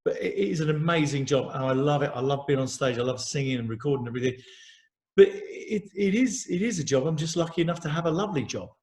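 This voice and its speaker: A man's voice: on the high side, fast talker, darkish tone. A middle-aged man chatting openly as an interview guest, rambling cheerfully with repeated words and easy laughs. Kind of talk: casual chat.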